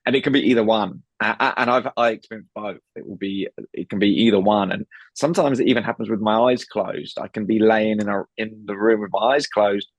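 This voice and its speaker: British comedian guy, husky voice, dry close sound, lots of little restarts. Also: lowish voice, fairly even intonation, fairly quick, hardly any pauses, no room sound. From United Kingdom. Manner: stammering restarts, acts out voices. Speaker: comedian guest. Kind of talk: casual podcast chat.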